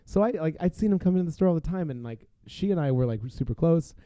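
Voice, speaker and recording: A man's voice: fairly high pitch, fast, no room sound. A man telling a wild party story as a podcast guest. He talks casually with lots of fillers and breaks into laughter. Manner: animated, laughing, filler-heavy.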